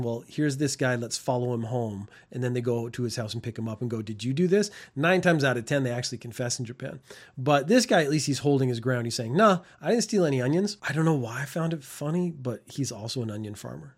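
A man in his fifties giving casual commentary on news stories, wry and rambling, laughing at his own tangents. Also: medium pitch. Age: 50s.

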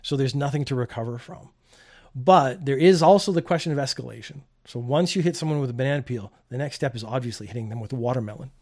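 A man's voice: medium pitch, fast, a little mellow. Wry middle-aged man riffing on news. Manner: wry, sarcastic, chuckles at own jokes. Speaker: news show host. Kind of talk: comedic news commentary.

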